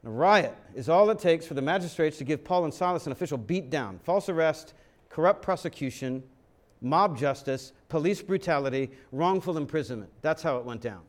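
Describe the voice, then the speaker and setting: A man's voice: a little high, animated, brisk. A man preaching a sermon, dramatic and full of rhetorical questions, sometimes acting out other voices. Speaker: pastor.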